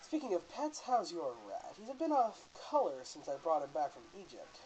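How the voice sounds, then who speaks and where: A man's voice: a little high, wildly swooping pitch, moderate pace, a little mellow, slight background noise, poor audio. A man putting on a British teen wizard. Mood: eager. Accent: put-on British. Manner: amateur reading of game dialogue. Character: young male wizard friend, eager.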